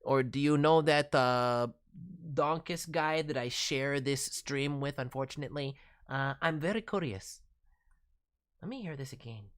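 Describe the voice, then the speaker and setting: A man's voice: medium pitch, measured pace, clean tone. Brief: a casual male streamer giving friendly, rambling critiques of voice acting demos. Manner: friendly, critiques with hesitant restarts, lapses into slang. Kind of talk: casual feedback commentary.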